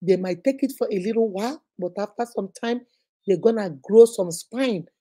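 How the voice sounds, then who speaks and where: A woman's voice: mid-range voice, moderate pace, warm tone. A woman with a Nigerian accent hosting a relationship advice livestream, speaking emphatically and preaching directly to her viewers.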